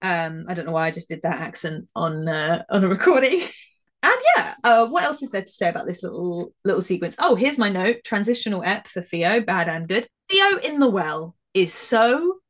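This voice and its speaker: A woman's voice: mid-range voice, moderate pace. A woman co-hosting a podcast, chatting casually and with animation as she reviews a TV episode, often restarting her sentences. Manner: chatty, animated, trails off and restarts, laughs easily. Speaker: podcast co-host.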